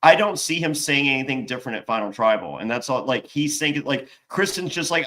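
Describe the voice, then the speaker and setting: Bright-voiced joking man host. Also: mid-range voice, animated, brisk. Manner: jokey, recaps scenes in mimicked quotes. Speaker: podcast host. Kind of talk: casual recap chat.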